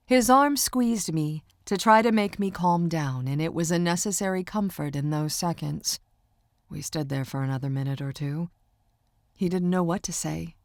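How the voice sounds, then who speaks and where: Woman narrator, measured first-person reading, dry close studio sound. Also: lowish voice, dry recording. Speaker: audiobook narrator.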